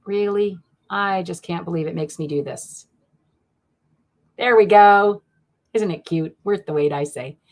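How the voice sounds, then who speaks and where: A woman reading cards live for viewers, gushing and chatty, stumbling over her words and circling back. Her voice sits a little low for a woman. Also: measured pace, pauses often, a little mellow. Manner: chatty and gushing, with many fillers and restarts. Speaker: card reader hosting a live stream. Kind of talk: casual live-stream card reading.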